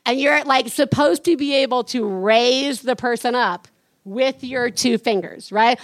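A woman co-hosting a live podcast on stage, telling a childhood story with lively acted-out screams and chants. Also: on the high side, measured pace. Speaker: podcast co-host. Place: live stage before an audience.

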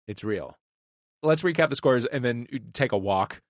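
Guy hosting a comedy game show, bouncy pitch, dry close sound, jokey. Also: animated, moderate pace, no room sound. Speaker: host.

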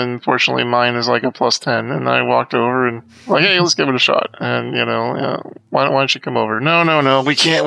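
A man telling a story as a podcast guest, lively and acting out the voices of the people in it. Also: mid-range voice, gravelly, dry recording, low-quality recording. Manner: animated storyteller acting out quoted dialogue. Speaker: guest, accessibility advocate. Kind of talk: conversational storytelling.

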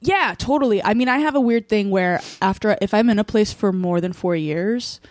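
A woman's voice: medium pitch, a little mellow, dry recording. A young American woman, a comedian guest, chatting casually with lots of ums and likes. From United States. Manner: chatty, quick bursts with frequent ums and likes. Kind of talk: casual podcast interview.

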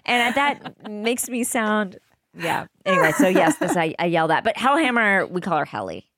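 A woman's voice: mid-range voice, sing-song, moderate pace, a bit bright, a little hiss or hum. A woman guest on a podcast chatting casually, rambling with lots of fillers and frequent laughs. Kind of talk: casual chat.

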